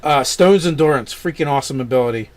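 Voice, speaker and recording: A man's voice: medium pitch, fast talker. A man co-hosting a casual tabletop game chat, loose and enthusiastic, full of fillers and slang. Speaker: co-host.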